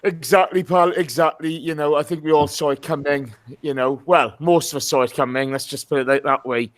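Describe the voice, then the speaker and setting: A man's voice: on the high side, fairly even intonation, brisk. An English man hosting a casual football podcast, chatty and jokey, swearing freely. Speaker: podcast host.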